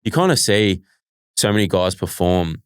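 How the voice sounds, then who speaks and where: A man's voice: sits low, normal speed, clear, resonant tone, no room sound, studio quality. A young Australian man, a professional punter, telling stories in an easygoing way as an interview guest. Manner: relaxed storytelling, easygoing. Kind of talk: casual interview chat.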